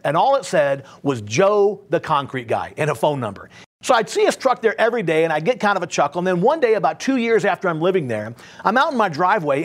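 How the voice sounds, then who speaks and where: A sales trainer for home service contractors gives a motivational talk on selling in a high, bouncy voice whose pitch swings widely from line to line. He tells stories with plenty of emphasis and keeps checking in with "right?".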